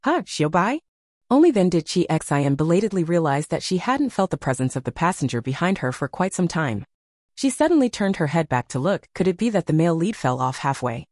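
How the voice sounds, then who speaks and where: A woman reading a novel aloud as audiobook narration, with expressive storytelling. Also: low-pitched, brisk, dry recording, clean studio sound.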